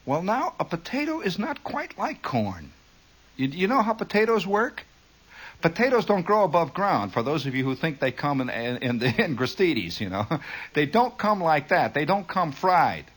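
A middle-aged man tells a long comic story in a husky voice. His pitch leaps around with lively expression, and he wanders into tangents and mimics the sounds he describes. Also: moderate pace. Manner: rambling, digressive, mimics sounds, chuckles often. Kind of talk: humorous spoken-word storytelling.

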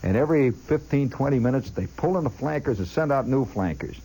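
A husky, dark-toned man with a mid-range voice talks a little fast and expressively, though the audio is poor. His long, chatty monologue recounts something he lived through, aimed directly at the listener, with sounds imitated by voice.

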